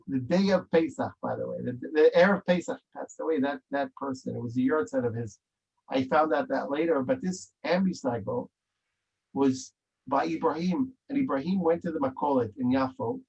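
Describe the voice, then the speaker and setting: A man's voice: mid-range voice, darkish tone, breathy edge. A man telling a story in an interview, emphatic and repeating phrases. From Israel. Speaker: interview guest. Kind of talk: storytelling in conversation. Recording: dull lo-fi recording.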